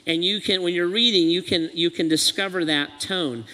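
A pastor delivers an earnest, animated sermon. His voice sits high and sounds bright and forceful. A long reverb from the hall trails behind him. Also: moderate pace. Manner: earnest, animated preaching with acted quotes.

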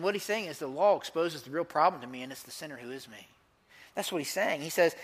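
A man preaching a sermon in a church, conversational and emphatic, swinging from shouts down to hushed near-whispers. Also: a little high, expressive, a little fast, husky. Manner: conversational, with repeated "like" and audience prompts. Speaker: pastor.

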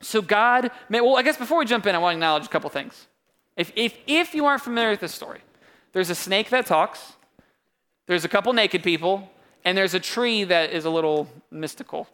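Young male pastor, casual and jokey sermon delivery, high-pitched and bright. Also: animated, fairly quick. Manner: casual and joking, with wide swings of pitch and loudness. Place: church.

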